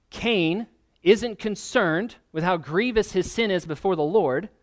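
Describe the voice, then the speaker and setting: A man, a pastor, preaching a sermon in an earnest, emphatic way, often asking the listeners questions. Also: fairly high pitch.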